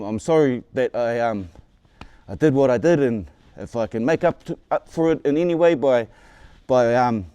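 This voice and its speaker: A New man in his forties rambles through his own story for his viewers. He restarts and repeats words as he goes and swears without a second thought. His voice sits a touch high for a man, with a mellow, warm tone and a dry, close sound. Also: smooth, no room sound. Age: 40s. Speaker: vlogger. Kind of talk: casual storytelling to camera.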